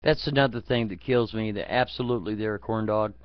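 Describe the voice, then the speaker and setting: A man's voice: on the low side, fast, dry recording. A man in a profane, angry political rant, swearing constantly and talking crudely. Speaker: vlogger. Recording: dull lo-fi dry recording.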